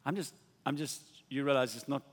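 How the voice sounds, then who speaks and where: A man preaching a sermon with passion, swinging from soft, quiet asides to loud, ringing declarations. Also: mid-range voice, fairly even intonation, fairly quick, slightly rough. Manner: impassioned, rising to exclamations then dropping to soft asides. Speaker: pastor. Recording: long reverb of a large hall.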